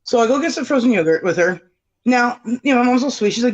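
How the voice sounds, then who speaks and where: A man's voice: very high voice, lively intonation, fast talker. A man telling a rambling, self-mocking story on a casual livestream panel, full of fillers and "right?" tags. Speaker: panel guest. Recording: dull lo-fi stream audio.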